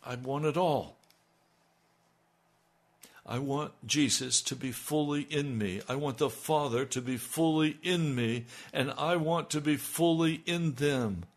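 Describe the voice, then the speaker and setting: A man preaching an impassioned radio sermon as pastor, swinging between loud emphasis and hushed, intimate lines. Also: a little high, slow pace.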